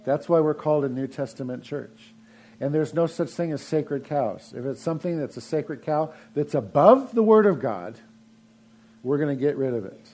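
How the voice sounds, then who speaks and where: A man preaching to his congregation in a relaxed, folksy manner, often restarting his sentences as he goes. His voice sits a little high for a man but sounds warm and mellow. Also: normal speed. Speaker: pastor. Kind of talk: sermon.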